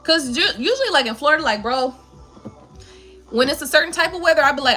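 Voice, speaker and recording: A woman chats casually with her live stream viewers, her voice high and bright. She talks in a playful, profane way, laughing often. Her pitch leaps around animatedly, with faint music behind her. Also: expressive, fast, long pauses. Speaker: tarot reader and live stream host.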